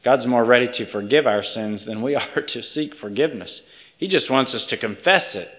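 A man preaching a slow, earnest communion sermon. His voice often drops to a hush. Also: fairly low pitch. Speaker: pastor.

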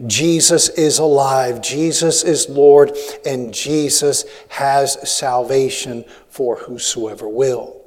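A man's voice: medium pitch, steady tone, takes it slowly, a little mellow. Preacher man in a reverberant hall. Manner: rambling storytelling with many restarts. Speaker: missionary preacher. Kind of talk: sermon.

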